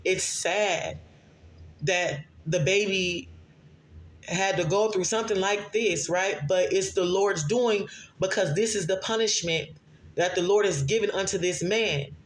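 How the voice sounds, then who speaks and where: A man delivering a prophetic sermon, reading scripture slowly and pausing often to ask "okay?". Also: sits high. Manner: frequent checking "okay?" asides, slow deliberate scripture reading. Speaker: self-described prophet and messenger.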